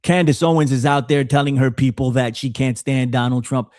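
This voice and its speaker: A man hosting a podcast, giving casual political commentary in an animated way with frequent stammered restarts. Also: mid-range voice, brisk, dry recording, studio quality. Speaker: podcast host.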